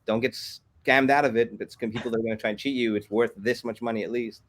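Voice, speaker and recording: A man, a guest on an interview podcast, telling lively anecdotes and acting out the quotes. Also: mid-range voice. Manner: fast, animated anecdotes with acted-out quotes. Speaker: guest, comics company executive. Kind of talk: casual interview storytelling.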